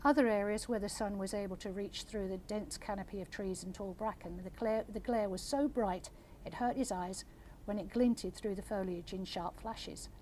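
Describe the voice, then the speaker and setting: An older woman, an author, reading her story aloud in a measured, gentle way and answering audience questions. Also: medium pitch, steady tone, a little hiss or hum. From England.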